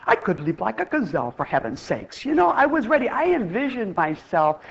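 A woman's voice: mid-range voice, big pitch swings, brisk, creaky, husky. A woman from Iowa telling a comic story as a keynote speaker on stage, playful and theatrical. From Iowa, USA. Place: stage before a live audience. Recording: dull, muffled lo-fi recording.

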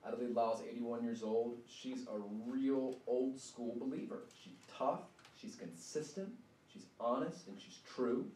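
Speaking a little slowly with few pauses, a man with a mellow mid-range voice, an author, talks conversationally at a university event hall and frequently tags on "right?". A far-off mic catches the hall's echo and some faint noise.

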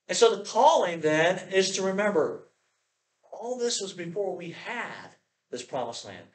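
A man with a fairly high voice preaches to his congregation in an animated, playful way. He slips into quick voices for the people in his stories and then jokes with the room. The sound is roomy and echoey. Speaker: pastor. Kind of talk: sermon.

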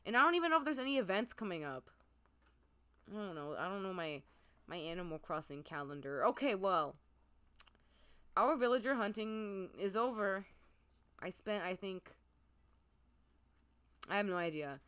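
A woman streamer chatting casually as she plays a game, gushing and excitable, with a mid-pitched voice. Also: moderate pace, pauses often, clear, resonant tone. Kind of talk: casual gameplay commentary.

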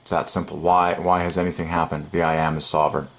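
A man hosting his own channel, giving an excited, emphatic religious monologue and chuckling often. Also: extremely low pitch, fast talker, creaky, slight background noise. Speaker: channel host. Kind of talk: casual religious monologue to camera.

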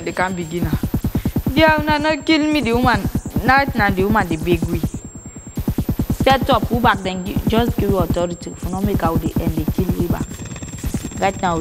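A young woman with a West African pidgin English accent giving a halting, plain-spoken personal testimony, re-enacting scenes aloud as she tells them. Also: medium pitch. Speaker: former child soldier giving testimony.

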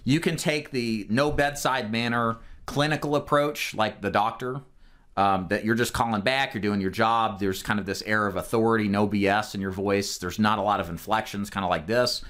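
A man's voice: fairly low pitch, normal speed, a bit bright. A man coaching a group of insurance agents in an instructional talk, speaking in a direct, emphatic way with plenty of fillers. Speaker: insurance sales trainer.

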